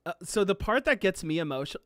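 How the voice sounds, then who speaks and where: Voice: medium pitch, sing-song, quick pace, no room sound. A streamer chatting casually while reacting to an anime, gushing, often laughing, and close to tears with emotion. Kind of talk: casual live-stream chat.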